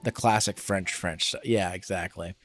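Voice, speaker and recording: A man's voice: deep voice, steady tone, moderate pace, a bit bright, faint music behind. A young adult man streaming a game, chatting casually and rambling with many fillers.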